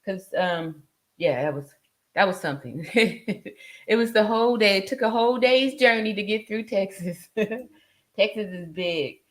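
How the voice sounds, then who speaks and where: A woman's voice: mid-range voice, a little slow. Woman, forties, livestream host, casual chat, lots of fillers, laughs often. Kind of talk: casual livestream chat reading viewer comments.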